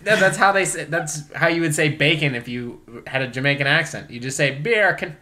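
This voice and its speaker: A man's voice: on the high side, steady tone, fairly quick, pushed and bright, a little hiss or hum. A young man co-hosting a podcast in casual comedy chat, rambling, joking and swearing. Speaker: podcast co-host.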